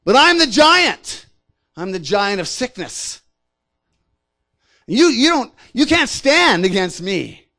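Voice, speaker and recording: A man's voice: high voice, very animated, slow, long pauses, bright, forceful tone, pitched above the performer's own voice, heavily acted. A man voicing a taunting male giant of sickness, a bully who gloats and makes menacing threats. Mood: gloating.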